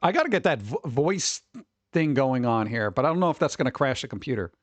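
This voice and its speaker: A man's voice: mid-range voice, animated, a little fast, no echo. A man chatting casually on a live stream, rambling, swearing freely and often laughing.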